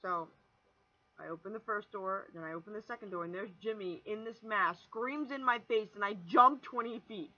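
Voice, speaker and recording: A young woman in her twenties telling a rambling, animated story on her vlog, swearing freely and restarting sentences as she goes. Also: mid-range voice, moderate pace, dull audio. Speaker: vlogger.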